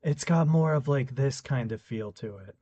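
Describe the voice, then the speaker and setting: A man with a deep, slightly smoky voice talks on a podcast. He sounds relaxed and conversational and speaks at a middling pitch. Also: normal speed, highs cut off. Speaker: podcast co-host. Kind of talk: casual chat.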